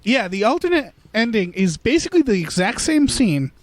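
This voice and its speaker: A man with a notably high speaking voice talks loosely through a movie, stumbling into restarts and slipping into mock voices for quotes. The sound is dry and close, with no room around it. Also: sing-song, normal speed, no echo. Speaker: podcast co-host. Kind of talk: casual movie discussion.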